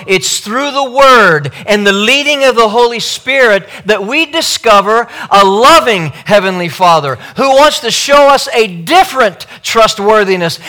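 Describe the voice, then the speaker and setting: A man delivers a sermon in a high, bright voice. He presses his points with emphasis and repeats key phrases, speaking straight to his listeners. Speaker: preacher.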